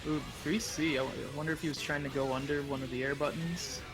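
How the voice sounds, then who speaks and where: A man doing live esports commentary on a fighting game, his voice sitting a little high for a man. He talks easily through the action and jumps on big moments with quick calls. Game music plays clearly behind him. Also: rough recording. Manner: relaxed play-by-play with short excited calls. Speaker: tournament commentator.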